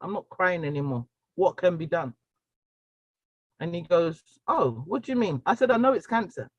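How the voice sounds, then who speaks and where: A woman giving a personal testimony talk, telling her story with animated storytelling and acting out the dialogue. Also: on the low side, normal speed, no room sound, muffled recording. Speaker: speaker sharing a personal story.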